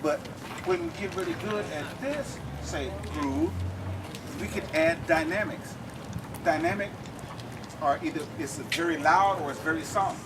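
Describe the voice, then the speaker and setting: A drum instructor with a rather high, expressive voice speaks a little slowly while teaching rhythms to a group at an outdoor campus event. In this lecture-demonstration he explains step by step, frequently asking "okay?" The mic is distant, and outdoor noise is clearly audible.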